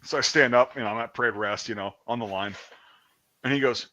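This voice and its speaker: A man's voice: mid-range voice, fairly quick, dull audio. A man hosting a podcast, telling a story in a casual, profane way and acting out the people he quotes. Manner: profane, animated, acts out quotes. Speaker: podcast host.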